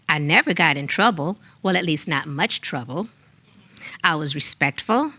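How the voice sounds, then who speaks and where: An older woman reading her own memoir aloud on a small theater stage, measured and heartfelt. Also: mid-range voice, pushed and bright.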